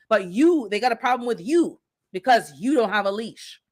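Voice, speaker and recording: A woman's voice: a little high, animated, normal speed. A woman in casual chat, speaking emphatically and with exasperation, repeating words for force. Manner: emphatic, exasperated ranting with repetition.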